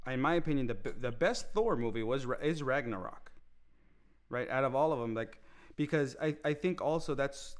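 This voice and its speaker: A man co-hosting a casual movie review podcast, rambling with many restarts and getting animated. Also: mid-range voice. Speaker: podcast co-host.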